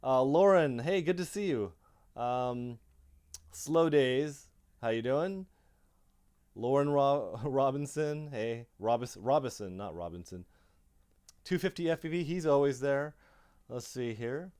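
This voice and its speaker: A man's voice: medium pitch, takes it slowly, a little mellow, clear, resonant tone. A man hosting a casual live stream about his drone hobby from his home office, rambling through fillers and restarts as he speaks into a desk microphone. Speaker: drone hobby channel host.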